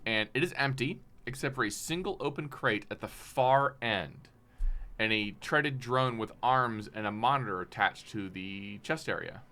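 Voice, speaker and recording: A man's voice: mid-range voice, a little slow, pushed and bright. A man narrating as game master of a tabletop game, loose and chatty with frequent ums.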